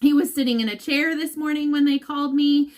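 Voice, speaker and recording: A woman's voice: sits high, fairly even intonation, fairly quick, slight background noise. A woman giving a casual update to her followers, emotional and laughing, now and then near tears. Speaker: vlogger updating viewers.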